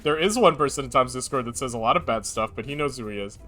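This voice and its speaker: A man's voice: mid-range voice, lively intonation, fast talker, fairly bright tone, faint music behind. A young man streamer chatting casually on a live stream, rambling and joking, now and then baby-talking to his cat. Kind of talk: casual chat.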